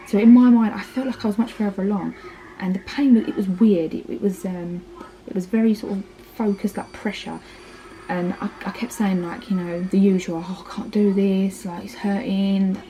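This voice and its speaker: The recording is rough, with slight background noise, and the woman's medium-pitched voice has a dark tone. She's an Essex-accented parenting vlogger in her thirties, from Essex, England, chattily telling her birth story with lots of "like" and "um" and acting out what people said.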